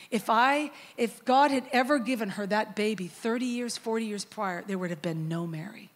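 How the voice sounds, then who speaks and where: A middle-aged woman preaching a sermon as a guest worship leader, telling a story in a lively, conversational way and acting out the quotes. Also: mid-range voice, a little fast, hardly any pauses.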